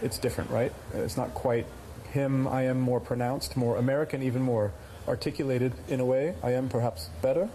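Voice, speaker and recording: A smug AI clone of a man's voice, played back by the man it copies, crisply over-articulated and more American than the original. The tone is mellow, and faint background hiss sits under it. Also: medium pitch, fairly even intonation, brisk, pitched below the performer's own voice, poor audio. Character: AI clone of a Dutch man's own voice.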